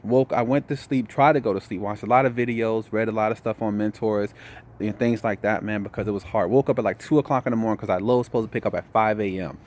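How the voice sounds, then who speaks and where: A tired young man telling a story in a casual vlog update, relaxed, saying "man" a lot. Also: on the low side, fast. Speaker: trucking vlogger.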